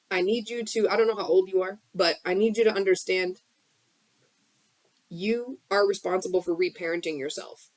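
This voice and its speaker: With a fairly low pitch and no room sound, a spiritual coach speaks into her phone during a live stream from her bedroom. Her motivational talk on healing is fervent and blunt, and she swears freely.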